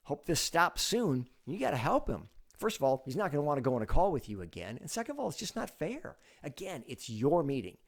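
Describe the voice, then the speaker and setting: A man hosting a sales advice show, talking straight to the viewer in a conversational coaching way, acting out meeting lines with sudden loud bursts. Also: on the high side, wildly swooping pitch, quick pace, hardly any pauses. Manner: conversational, coaching in second person. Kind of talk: direct-to-camera advice talk.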